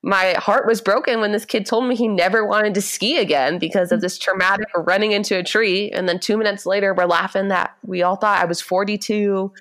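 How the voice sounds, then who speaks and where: A woman in her twenties, a podcast guest, telling a story in a chatty, animated way with a gentle voice. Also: medium pitch, fairly quick, hardly any pauses. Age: 20s. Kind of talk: casual chat, storytelling.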